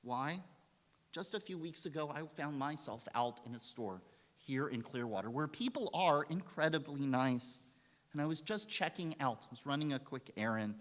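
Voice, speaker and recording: Lively woman rabbi preaching in a hall. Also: deep voice, moderate pace. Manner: animated storytelling. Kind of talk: sermon. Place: synagogue sanctuary. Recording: reverberant hall.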